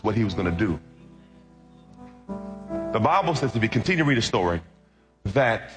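A man preaching a sermon as pastor, telling a humorous personal testimony and calling out to the congregation. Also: mid-range voice. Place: church sanctuary. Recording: echoey hall with loud music.

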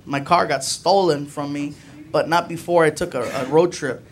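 A man telling a story on a comedy club stage, animated, acting out his friends' voices. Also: on the high side, moderate pace, faint music behind. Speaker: stand-up comedian. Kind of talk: stand-up storytelling. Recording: noisy live club recording.

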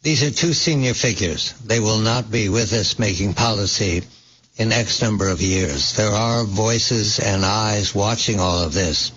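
A man hosting a talk show, briskly handing off questions and posing big-picture ones. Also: on the low side, fairly bright tone, slight background noise. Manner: brisk, directive moderator who hands off questions and frames big-picture questions. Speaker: host. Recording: dull, lo-fi audio.

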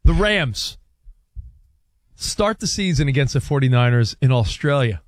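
A man co-hosting a sports talk show, excitable and quick to jump in with his point. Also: mid-range voice, dry recording, studio quality. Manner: excitable, jumps in and interrupts. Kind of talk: lively sports radio banter.

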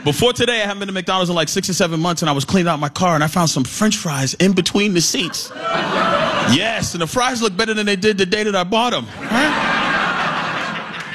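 A man doing stand-up comedy, telling animated stories and laughing at his own jokes. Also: sits high, quick pace, background noise.

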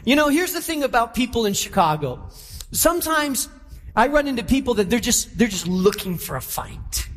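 Pastor, male, animated preacher who acts out quoted voices, high voice, long church reverb. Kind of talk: sermon.

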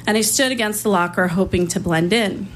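A woman public defender telling a personal story in a conversational way, with small restarts and pauses. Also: mid-range voice, slight background noise.

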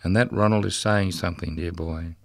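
A man's voice: deep voice, fairly even intonation, brisk, no echo, studio quality, voice pushed down. A man reading a rhythmic dramatic monologue as the ghost of a murdered, drunken prison guard, bitter and mocking. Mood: taunting, rueful. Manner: rhythmic, incantatory delivery.

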